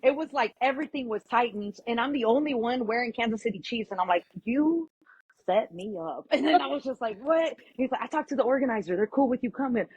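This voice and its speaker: Husky-voiced woman telling a lively story. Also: a little high, quick pace, few pauses, no echo, lo-fi sound. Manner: animated, acts out quoted voices, lots of "like". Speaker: podcast guest. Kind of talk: casual storytelling chat.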